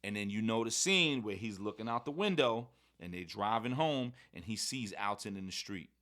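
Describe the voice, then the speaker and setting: Guest rapper, New man, a touch low-voiced, animated storyteller who slips into quoted voices. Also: moderate pace. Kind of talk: casual interview conversation.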